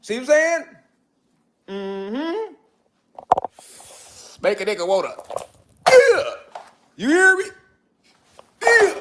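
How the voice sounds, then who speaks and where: A man's voice: extremely high pitch, big pitch swings, takes it slowly, pauses often, background noise. A man giving a profane, preachy lecture to his viewers, full of repeated call-and-response asides. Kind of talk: street-style lecture to viewers.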